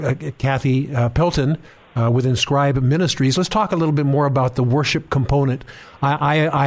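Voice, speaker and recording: A man hosting a faith talk show, speaking in a preacherly way straight to his listeners. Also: medium pitch. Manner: warm preacherly, addresses listeners. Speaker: host.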